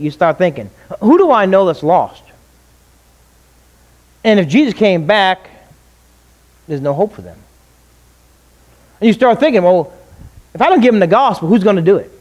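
Pastor, male, high voice, emphatic sermon delivery with rhetorical questions.

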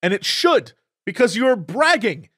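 Lively high-voiced man ranting on a podcast. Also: unhurried, slightly rough, no room sound, clean studio sound. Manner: animated, opinionated ranting. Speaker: podcast co-host. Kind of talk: casual chat.

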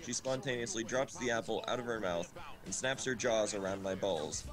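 A man streamer reading a story aloud in a deadpan comic way, tripping on words now and then. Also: lowish voice, normal speed. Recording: loud game music behind. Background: game music.

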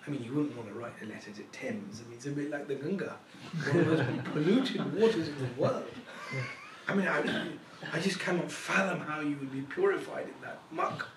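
A man's voice: on the high side, animated, normal speed, fairly bright tone. A man giving a Quran lesson lecture, telling stories animatedly, often repeating himself and laughing. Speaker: Islamic scholar lecturer. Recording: echoey room, distant mic, faint noise.

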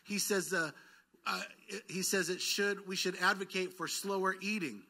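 A man preaching a sermon as pastor, coaxing call-and-response from his congregation. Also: high voice. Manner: lively, quick bursts then slowed words. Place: church sanctuary.

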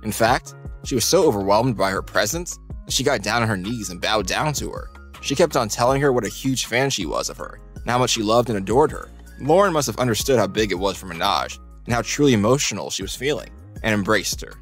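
A man reading a scripted countdown narration in an even, steady delivery. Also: fairly low pitch, a little fast, soft background music.

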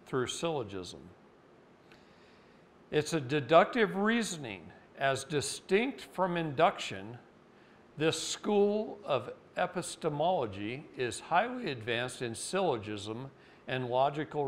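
A middle-aged man from Oregon giving a live seminar talk, telling stories in a folksy, animated way. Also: mid-range voice, a little hiss or hum. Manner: folksy, animated, mocking voices in anecdotes. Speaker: seminar speaker. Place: seminar room.

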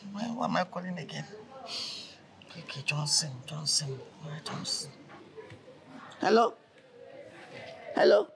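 A man's voice: very high-pitched, big pitch swings, normal speed, long pauses, a crowd in the background. A man acting a flustered broke man who stammers and pleads over the phone in a comedy skit. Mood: pleading. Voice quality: stammering, repeats words.

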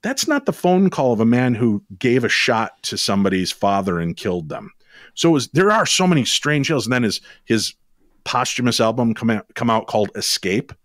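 Animated storytelling man, dry studio sound. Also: no room sound. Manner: animated, quick storytelling with sudden rises in pitch. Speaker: guest, paranormal radio show host. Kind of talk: storytelling in a podcast interview.

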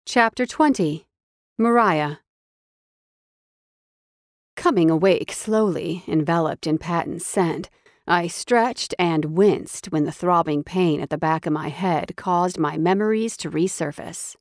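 Low-voiced woman narrating a romance audiobook. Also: takes it slowly, dry recording, clean studio sound.

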